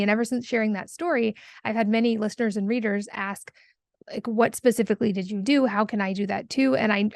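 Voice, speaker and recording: A woman's voice: medium pitch, darkish tone, no echo. A woman podcast host asking a long, thoughtful interview question with fillers. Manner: thoughtful, talks in long winding sentences with fillers.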